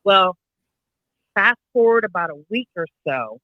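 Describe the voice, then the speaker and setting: A woman's voice: mid-range voice, big pitch swings, unhurried, dry recording, highs cut off. A woman co-hosting a podcast, telling a family story casually and restarting her sentences often. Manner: rambling, with frequent restarts and self-corrections. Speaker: podcast co-host.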